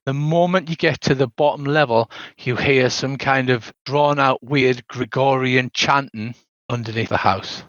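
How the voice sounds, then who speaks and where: A man's voice: mid-range voice, unhurried, a bit bright, no room sound. Older british man, game master, narrating, dry dull lo-fi sound.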